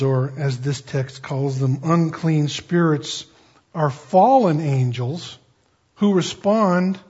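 Brief: male pastor, slow and husky, slightly high voice, folksy sermon on a dull lo-fi recording. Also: darkish tone. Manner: folksy, conversational asides.

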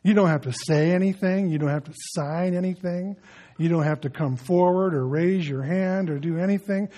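A man preaching a sermon as a pastor, swinging between loud emphasis and soft, hushed appeals, with folksy asides and light humor. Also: high voice, moderate pace.

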